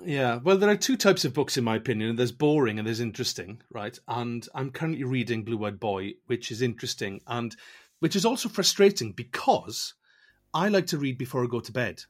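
A podcast co-host chats casually with a guest over a call and wraps up the show. His mid-range voice is expressive and fairly quick.

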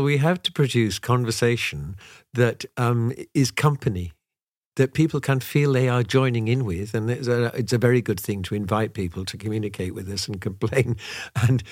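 A man's voice: mid-range voice, moderate pace, dry recording, clean studio sound. A man co-hosting a podcast, talking thoughtfully and wryly in casual conversation and playing with words. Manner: thoughtful, wry, playful with words. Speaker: podcast co-host.

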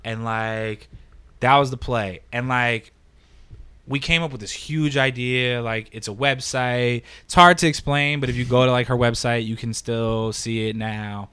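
A man from Brooklyn, a podcast guest, telling stories in a casual, animated way, filling his speech with "like". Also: medium pitch, a little slow, clear, resonant tone. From Brooklyn, New York. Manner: animated, heavy use of "like". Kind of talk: casual storytelling.

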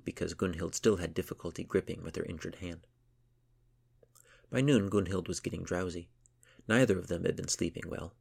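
A man narrating a story in a steady, measured way. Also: sits low, vocal fry, breathy edge. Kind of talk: scripted audiobook narration.

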